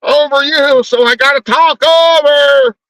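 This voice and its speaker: A high-pitched man who shouts nearly every line, loud and crude in a loose late-night chat. The sound is dry and close, with no room around him. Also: a little slow, no room sound, low-quality recording. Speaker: stream panelist. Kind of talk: casual profane chat.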